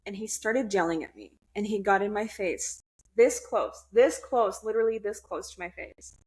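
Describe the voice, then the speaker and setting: A woman's voice: mid-range voice, brisk. A young woman guest on a podcast, telling a personal story in a blunt, candid way, swearing freely and restarting her sentences.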